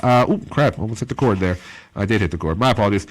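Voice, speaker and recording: A man's voice: on the low side, quick pace. A man co-hosting a casual podcast, a comedian who reviews a movie in a rambling way with lots of fillers. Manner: rambling, filler-heavy, animated impressions.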